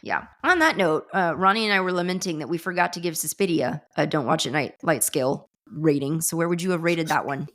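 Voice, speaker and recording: Low-pitched woman hosting a podcast chat. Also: fairly quick, few pauses, fairly bright tone. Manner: rambling, restarts often, laughs. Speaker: podcast host. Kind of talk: casual chat.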